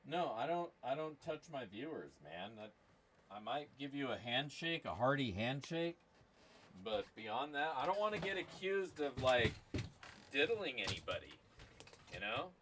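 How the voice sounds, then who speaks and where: Guy hosting a giveaway stream, swears a lot, rambles and jokes, bright lively voice. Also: medium pitch, a little slow, slight background noise. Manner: crude, rambling, jokey banter. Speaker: channel host running a giveaway. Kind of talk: casual livestream chat.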